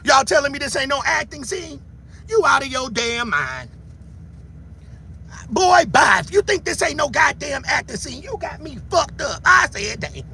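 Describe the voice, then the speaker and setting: A man rants at full volume on a livestream, shouting and taunting in a very high, gravelly voice. His pitch swings wildly from line to line, and a faint hiss of noise sits behind him. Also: very animated, moderate pace. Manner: loud, shouting, taunting, catchphrase-heavy. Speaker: livestream commentator. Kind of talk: heated livestream commentary.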